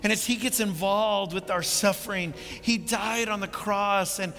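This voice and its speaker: A pastor delivers a sermon in an impassioned, bright, forceful voice that rises to emphatic peaks and then drops quiet. His high voice keeps a fairly even intonation and a slightly slow pace, echoing through a large hall with long reverb over faint background music.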